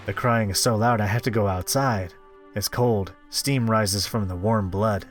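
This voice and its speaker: A man reading a visual novel aloud as a streamer, with quick asides of his own. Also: on the low side, soft background music. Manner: expressive, quick asides between read text. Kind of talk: reading a game aloud with commentary.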